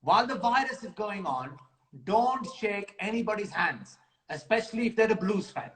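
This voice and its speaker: A man's voice: high-pitched, lively intonation, normal speed, a bit bright, echoey room, voice pushed up. A man voicing a pompous, self-important middle-aged community leader as a comic impression in a video chat. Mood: solemn.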